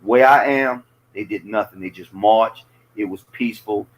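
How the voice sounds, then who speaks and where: A man's voice: lowish voice, moderate pace, poor audio. A man with a Southern US accent telling stories in a loose, profane podcast chat. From American South.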